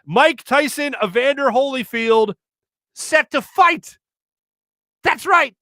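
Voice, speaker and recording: This is a man in his thirties hosting a sports talk show, rambling and animated and often stopping to correct himself. His voice is bright and forward, and it swings widely up and down. He is recorded close and dry in a studio. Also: extremely high pitch, takes it slowly, no echo. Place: radio studio.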